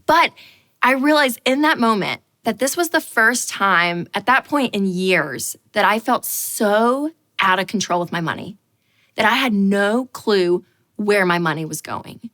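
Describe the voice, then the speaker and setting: Bright, animated woman telling a story. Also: mid-range voice, a little slow. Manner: animated, self-mocking, with many fillers. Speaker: host. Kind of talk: personal storytelling to camera.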